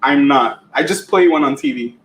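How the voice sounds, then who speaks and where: Joking young man, lively high voice. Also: slight background noise. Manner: joking, playful, slips into silly voices and sound effects. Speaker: co-host of a family livestream. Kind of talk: casual livestream chat. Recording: roomy echo.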